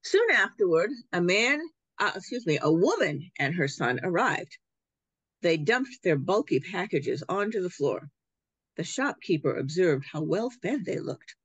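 A children's book author reading her picture book aloud at a library event. Her storytelling is expressive, her low voice slightly breathy and swinging widely in pitch. The sound is close and dry. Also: measured pace, no room sound.

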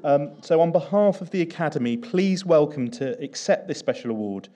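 A man's voice: on the high side, expressive, moderate pace, few pauses, warm tone. A man giving an earnest, somewhat hesitant award presentation speech.

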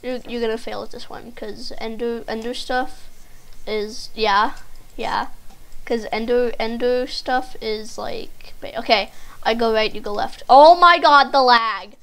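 A young woman chats through a game session with a slightly high voice. She rambles with lots of fillers and breaks into sudden excited yelps as the game turns. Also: measured pace, vocal fry. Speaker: gaming video host. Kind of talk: casual gameplay commentary.

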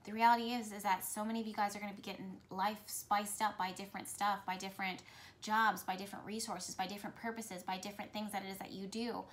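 Speaking fast and with a flat delivery, this medium-pitched woman gives an intuitive message straight to the camera. She's a spiritual reader whose earnest words to her viewers flow and circle back repetitively.

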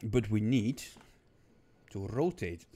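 A man with a hoarse, coughing voice, muttering to himself in casual gameplay commentary and breaking into frustrated outbursts. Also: lowish voice, lively intonation, slow, warm tone. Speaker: gaming streamer.

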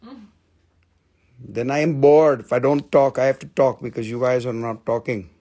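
A man's voice: mid-range voice, fairly even intonation, moderate pace, mellow. A man hosting a live crystal sale stream, chatty and self-mocking, joking nonstop with viewers. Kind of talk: casual live sales stream banter.

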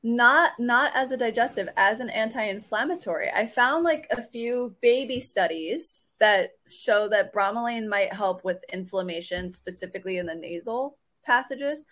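A woman's voice: on the high side, animated, moderate pace, few pauses, fairly bright tone. A woman co-hosting a podcast in casual chat, upbeat and chatty, laughing often. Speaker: podcast co-host.

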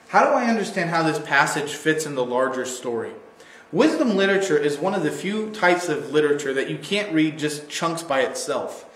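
Man teaching with casual asides, echoey room. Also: on the high side. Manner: casual, digressive, acts out quoted voices playfully. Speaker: church Bible teacher. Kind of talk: recorded teaching video.

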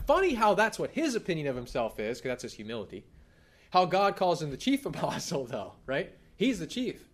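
A man's voice: a little high, brisk. A man in his thirties preaching a sermon, talking casually and asking the congregation questions. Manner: conversational, animated, asks the congregation questions. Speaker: pastor. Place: church hall.

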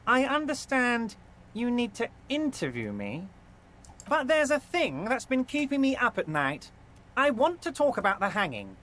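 An actor playing a large, smooth-talking union boss who is friendly on the surface and manipulative underneath. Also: male voice, extremely high pitch, huge pitch swings, a little slow, pushed and bright, heavily acted. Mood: scheming. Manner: oily, soothing, overly friendly. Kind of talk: video game voice acting.

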